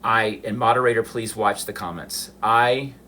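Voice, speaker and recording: Emotional, halting middle-aged man. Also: on the low side, steady tone, bright, forceful tone, slight background noise. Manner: emotional, halting, with many restarts. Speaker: livestream host. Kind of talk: personal storytelling on a livestream.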